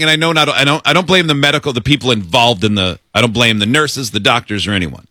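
A man's voice: mid-range voice, lively intonation, a little fast, sharp tone, no room sound. A man co-hosting a radio show, ranting with exasperation in casual studio banter.

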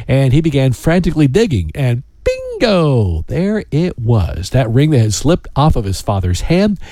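A man's voice: mid-range voice, animated, brisk, dark tone, no echo. A man hosting a radio show, telling a news story between songs in a chatty, storytelling way with little asides. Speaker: radio host.

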